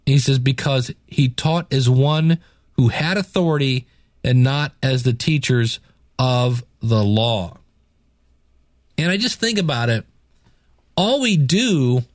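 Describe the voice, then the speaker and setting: A man preaching, reading scripture slowly and breaking into casual, chatty asides to explain it. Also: medium pitch, dry recording, clean studio sound. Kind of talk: Bible reading and teaching.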